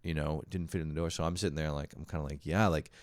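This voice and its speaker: A man's voice: very deep voice, steady tone, rapid-fire, dry recording, clean studio sound. A young man telling a comedic story in a casual monologue, swearing often and breaking into exasperated yelps. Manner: frequent swearing. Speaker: host.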